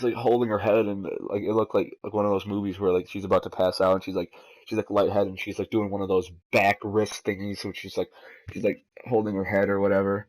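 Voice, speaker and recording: A man's voice: lowish voice, a bit bright, poor audio. Rambling, swearing young-sounding guy. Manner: rambling, profane, laughs at himself. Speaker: gameplay commentator. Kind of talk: casual storytelling over gameplay.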